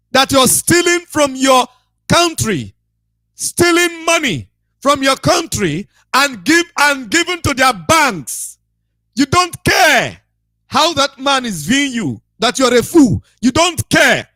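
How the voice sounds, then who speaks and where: A male radio broadcaster gives a scolding, preacher-like monologue, hammering home his points through emphatic repetition. His very high voice comes across bright and forceful. The recording is dry and close, with no surrounding room.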